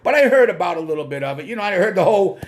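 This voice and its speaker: High-voiced Boston man ranting casually. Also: animated, very fast. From Massachusetts. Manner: rambling, blunt, swears, greets viewers by name. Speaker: live stream host. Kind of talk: casual live-stream chat.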